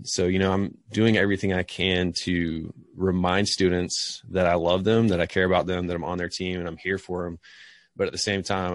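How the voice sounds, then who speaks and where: Young man, gym teacher, deep voice, dry close sound, casual, says dude a lot. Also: no echo. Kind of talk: casual interview answers.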